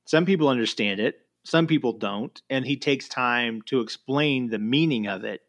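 A man's voice: mid-range voice, moderate pace, a bit bright. A man discussing scripture in a casual conversation, quoting passages and acting out the speakers with lots of fillers. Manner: conversational, quotes scripture with voiced asides, many fillers.

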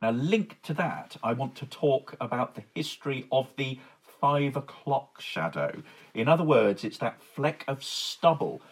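Male podcast co-host, mid pitch, approving and brisk, guides the talk. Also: lively intonation, husky. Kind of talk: casual chat, steering the episode.

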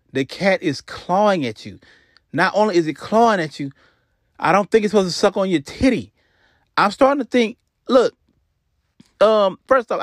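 A podcast host with a high voice rants casually and comically, cursing constantly and repeating himself with animated energy. The audio is studio quality with no echo.

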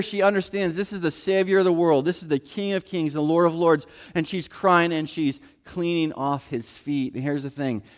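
A man preaching a sermon in a conversational style, often acting out quotes and coming back to stock phrases. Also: medium pitch. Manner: conversational preaching, acts out quotes, repeats "here's the thing". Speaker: pastor.

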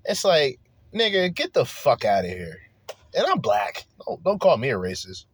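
With huge pitch swings and a breathy edge, this medium-pitched man speaks at normal speed, no room sound present. As a podcast host on a solo opinion rant, he turns heated, profane and emphatic, peppering it with rhetorical questions.

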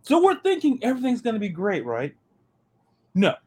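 A man hosting a sports podcast, talking in an animated, joking way and often repeating his words. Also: high-pitched, normal speed, slightly rough. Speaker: podcast host. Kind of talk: casual sports chat.

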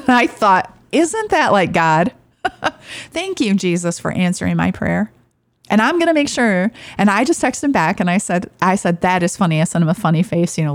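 A woman's voice: fairly low pitch, a little mellow, no echo. Chatty devotional podcast woman, dry close sound. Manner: chatty, rambling, faith-filled storytelling. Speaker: podcast host. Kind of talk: casual devotional chat.

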